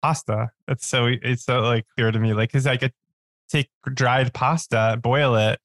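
A man's voice: mid-range voice, steady tone, unhurried, a bit bright, no echo. A man guest on a podcast, chatting casually and telling stories with lots of likes and restarts. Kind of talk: casual chat.

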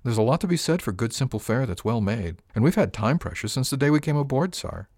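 Man doing a young woman crew member, eager, polite, higher voice, audiobook. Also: very animated, quick pace, darkish tone, no echo, clean studio sound. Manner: polite, deferential, addresses with sir.

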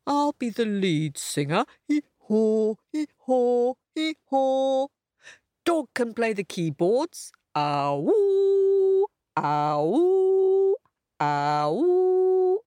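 Storybook donkey, male, pompous and jolly, lower than the woman's own voice, dry close sound. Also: very animated, a little slow, few pauses, darkish tone, dry recording. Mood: hearty. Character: cheerful boastful male donkey.

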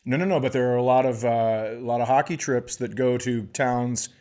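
A man's voice: mid-range voice, steady tone, normal speed, warm tone. A man co-hosting a podcast, telling a casual comic story and acting out the people in it. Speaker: podcast co-host.

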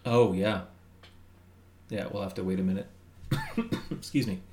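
Tabletop player, a man, animated and casual, on a video call. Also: lowish voice, measured pace, echoey room, a little hiss or hum. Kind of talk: tabletop role-play.

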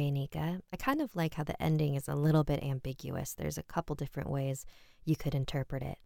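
A woman with a low voice narrates a horror story in a tense, measured way. The sound is dry and close, with no room around her. She also hosts the show. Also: mellow, dry recording. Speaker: host and narrator.

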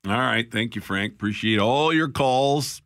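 A man hosting a talk radio show, chatty and quick to laugh as he takes calls and introduces clips. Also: mid-range voice, a bit bright, no room sound. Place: radio studio.

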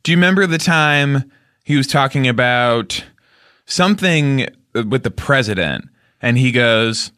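A man's voice: mid-range voice, animated, unhurried, fairly bright tone, clean tone. A man in a casual comedic chat, eagerly reminiscing and retelling scenes.

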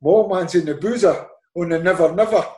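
A man's voice: high voice, fairly quick, reverberant. A man with a Scottish accent, a former footballer telling anecdotes in casual chat and acting out the dialogue. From Scotland. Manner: animated storyteller, acts out quoted dialogue, laughs often. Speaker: podcast guest, former footballer.

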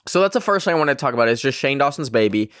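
A man's voice: mid-range voice, lively intonation, racing, fairly bright tone, no room sound, studio quality. A young man with a Canadian accent hosting his own podcast, rambling and swearing in a self-deprecating way. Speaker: podcast host. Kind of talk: casual solo podcast rant.

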